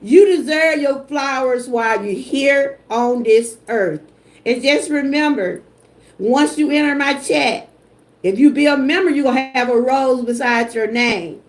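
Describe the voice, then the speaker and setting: An older woman with a drawl chats on her livestream, greeting viewers and thanking supporters. Her voice sits high, and she talks slowly and emotionally. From Georgia, US. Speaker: YouTube live streamer. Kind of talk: casual livestream chat.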